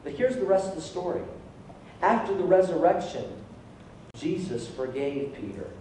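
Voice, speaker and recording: A male pastor preaching a sermon in a church, animated, calling out to the congregation for responses. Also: sits high, normal speed, a little hiss or hum. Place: church sanctuary. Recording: echoey hall from far off.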